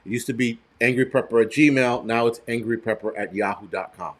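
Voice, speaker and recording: A man's voice: mid-range voice, brisk. An American man hosting a live stream, talking bluntly and profanely in loose, rambling commentary straight to his viewers. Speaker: prepper channel host.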